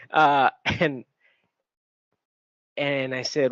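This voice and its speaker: A man's voice: mid-range voice, moderate pace, pauses often, dry recording, highs cut off. A middle-aged man from Texas, a school administrator, speaking on a panel in an earnest, reflective way with restarts. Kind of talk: panel talk, personal testimony. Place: event venue.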